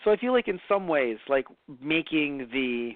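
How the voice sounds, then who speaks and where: A man co-hosting a casual review podcast, rambling and animated, cursing now and then. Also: fairly high pitch, moderate pace, no echo. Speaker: podcast co-host. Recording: tinny phone-like audio.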